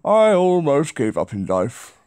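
A man's voice: fairly high pitch, very animated, a little slow, a little mellow, clean tone, no echo, pitched above the performer's own voice. A pompous, posh old man reads with great theatrical flourish, as a man puts him on. His plummy voice swoops up and down, and the sound is dry and close. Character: posh middle-class old man named Edward.

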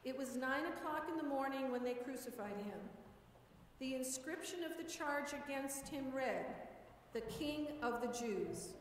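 Lady lector reading scripture, high voice, distant mic in a big echoey church. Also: slight background noise. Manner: measured, steady proclaiming. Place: large church.

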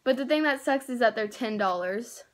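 Gushing high-voiced teen girl unboxing toys. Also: moderate pace. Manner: gushing and excitable, with gasps and squeals; rambling, with many likes and self-corrections. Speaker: squishy toy haul vlogger. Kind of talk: casual unboxing vlog.

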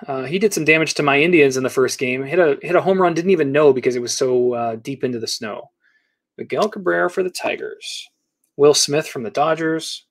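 A middle-aged man hosting a casual live card break, rattling off player names and teams as he opens packs. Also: a little high.

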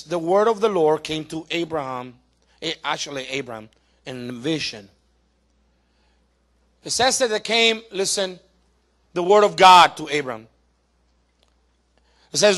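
A man preaching a sermon as pastor, urging his congregation to pay attention and rising to loud emphasis. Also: sits high.

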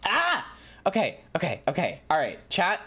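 A woman streamer chatting with her viewers, excitable and giggly, swearing a lot and bursting into shouts. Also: lowish voice, moderate pace, husky. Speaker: VTuber streamer. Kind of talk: casual live-stream chat with viewers.

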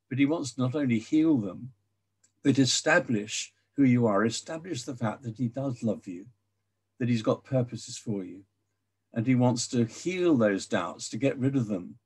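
An older man giving an earnest sermon to his church, repeating words as he pleads gently. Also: medium pitch, slightly rough. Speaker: preacher.

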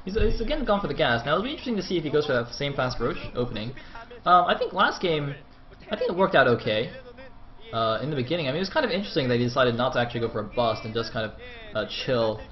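A man's voice: mid-range voice, very animated, fast talker, dull audio. A man casting a game match in a casual, rambling way, often mocking himself and swearing. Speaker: amateur esports caster.

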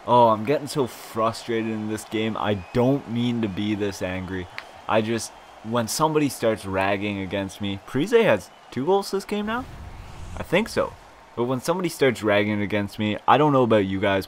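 A young man giving live gameplay commentary for his channel, swinging from low grumbling frustration to loud excited shouting, with frequent swearing. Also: slight background noise. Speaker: gaming YouTuber.

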